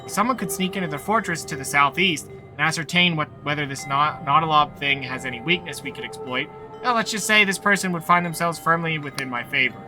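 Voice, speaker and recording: A man's voice: a little high, a little fast, music in the background, lightly acted. A man reading aloud the lines of a nervous, fussy woman village mayor from a video game, flustered and overly polite.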